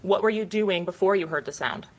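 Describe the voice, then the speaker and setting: A woman's voice: medium pitch, rough recording. Formal woman attorney questioning a witness. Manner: measured and formal. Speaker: prosecuting attorney. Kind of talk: courtroom questioning.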